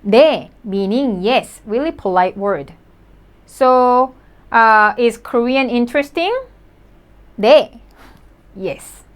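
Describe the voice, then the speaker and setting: A woman teaching a language lesson, her voice sitting a little high. She speaks patiently and repeats each word slowly for learners. She keeps a cheerful, encouraging tone.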